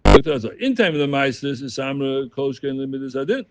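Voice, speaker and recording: A man leading a Talmud study group, explaining the text in an animated voice and chanting quoted passages in a sing-song. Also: medium pitch, fairly quick, a loud crowd. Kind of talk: Talmud class teaching.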